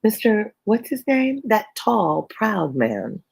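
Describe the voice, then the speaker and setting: A reader voicing a giddy, excitable young girl who chatters in high exclamations while reading a novel aloud. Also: slow pace, creaky, slight background noise, full character voice. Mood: excited.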